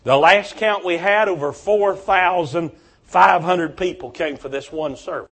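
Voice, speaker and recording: A man with a notably high voice delivers a revival sermon. He tells stories in a fervent preaching manner, with deep conviction. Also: measured pace, fairly bright tone, breathy edge.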